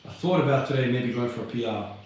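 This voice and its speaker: A man's voice: medium pitch, quick pace, a little mellow, slight background noise. A young man vlogging casually between heavy lifting sets in his home garage, out of breath, laid-back and swearing as he rambles. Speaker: fitness vlogger. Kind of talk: casual chat between sets, answering live comments. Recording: very echoey garage from far off.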